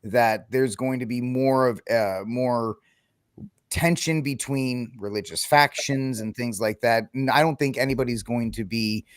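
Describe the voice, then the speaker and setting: Halting male host, dry close sound. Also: medium pitch, no echo. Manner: rambling, halting with fillers. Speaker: podcast host. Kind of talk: interview intro and questions.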